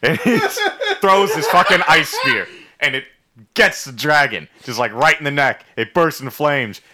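A man casually recapping a show on a podcast, swearing a lot and telling it with animated, put-on quotes. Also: fairly high pitch, unhurried, a loud crowd. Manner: profane, animated retelling with put-on quoted voices. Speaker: podcast co-host recapping episodes. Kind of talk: casual chat.

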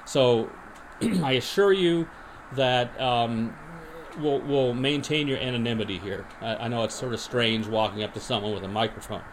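A man hosting a podcast, deadpan and rambling with many restarts, in an improvised comedy monologue and mock interview. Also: mid-range voice, moderate pace, a little hiss or hum. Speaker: podcast host.

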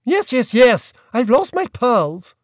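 Casting: male narrator playing an imperious older aunt, loud and commanding, dry close sound. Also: extremely high pitch, sing-song, slow pace, no room sound, pitched above the performer's own voice, heavily acted. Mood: impatient. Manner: snapping, scornful, haughty.

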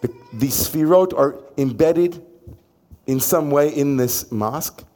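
A man voicing a young, energetic male restaurant owner who speaks fervently and slowly. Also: a little high. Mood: reverent.

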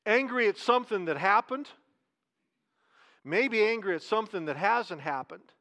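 A man preaching a sermon in a conversational way, asking his listeners questions and slowing down to stress key points. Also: high voice, expressive, bright, forceful tone. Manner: conversational preaching, asks the congregation questions, slows down for emphasis. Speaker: pastor.

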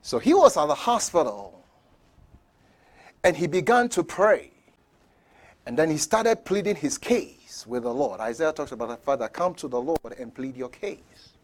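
A man preaching with a fairly high, lively voice that climbs and falls as he tells stories. He swings from loud bursts to soft, hushed lines and chuckles between points. The delivery is animated and sermon-paced. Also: measured pace. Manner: animated storytelling, swings from loud shouts to near-whispers. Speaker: pastor.

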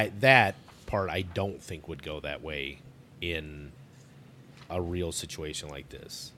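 A man's voice: deep voice, a bit bright, a little hiss or hum. A man co-hosting a podcast, chatting casually about a movie in a laid-back, blunt way. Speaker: podcast co-host.

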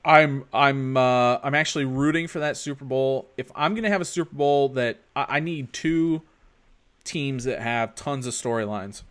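A man's voice: mid-range voice, normal speed, fairly bright tone. A man co-hosting a casual sports podcast, rambling with many restarts and fillers. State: expecting a baby with his wife. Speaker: podcast co-host. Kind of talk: casual chat.

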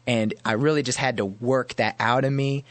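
A young man, a musician guest, chatting casually in an interview, easygoing and quick to laugh. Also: mid-range voice, steady tone, no echo. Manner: easygoing, laughs often, self-deprecating.

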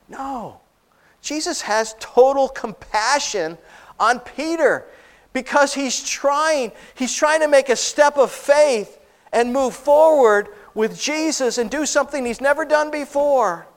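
A man with a fairly high voice preaches from the pulpit. He retells a Bible story with animated, conversational asides and acts out the characters' lines. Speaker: pastor. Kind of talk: sermon.

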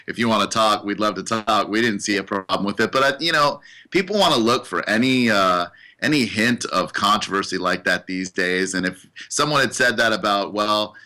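Easygoing radio host man, bright tone. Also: fairly low pitch, lively intonation, normal speed, low-quality recording. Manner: easygoing, hesitant, many uhs. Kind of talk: casual radio interview.

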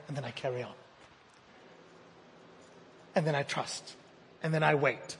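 A man preaching a sermon to his congregation, swinging from loud emphatic repetition to hushed, intimate phrases. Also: medium pitch, fairly even intonation, measured pace, long pauses, a little hiss or hum. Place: church hall. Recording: long hall reverb.

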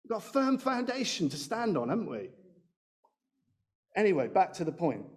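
A man's voice: high-pitched, very animated, normal speed, a little mellow. A man preaching a sermon in a church, chatty and self-deprecating, speaking into a handheld mic. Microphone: handheld microphone.

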